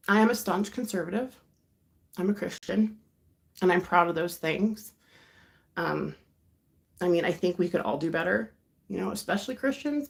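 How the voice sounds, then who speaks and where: With a lowish, fry-tinged voice, a livestream host from the United States in her thirties chats casually with viewers. She rambles and confides, letting out sighs and soft laughs along the way.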